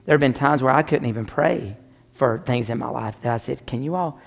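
Male preacher, gravelly voice, swings from loud to hushed, long reverb of a church sanctuary. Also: mid-range voice, a little fast. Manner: dramatic storytelling, drops to near whispers. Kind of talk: sermon with personal story.

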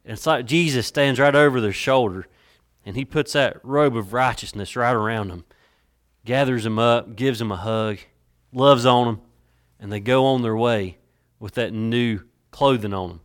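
Man preaching, church sanctuary, worn mic, dramatic, drawn-out emphasis, repeats words. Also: mid-range voice, smooth. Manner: repeats words and restarts while building a point. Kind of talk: sermon.

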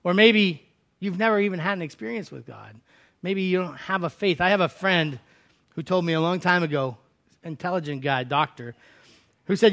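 Bright-voiced preacher, loud to hushed. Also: male voice, normal speed, gravelly. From United States. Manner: conversational preaching, swings from loud acted cries to hushed low lines. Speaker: pastor. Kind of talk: sermon.

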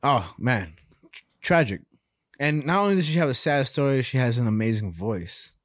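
A young man speaks at normal speed in a medium-pitched voice, co-hosting a podcast and telling casual stories full of profanity and tangents. He is animated, and the studio-quality recording has no echo.

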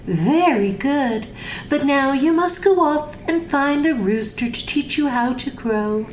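A woman voicing a calm, matter-of-fact cat in a gentle, patient, instructive way. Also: high-pitched, unhurried, a little hiss or hum. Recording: echoey room.

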